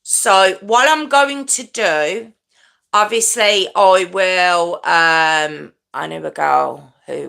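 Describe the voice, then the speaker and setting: A woman's voice: lowish voice, very slow, vocal fry, a bit bright. A middle-aged woman hosting a true crime livestream, chatting casually and stumbling over her words as she corrects herself. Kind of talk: rambling casual live chat.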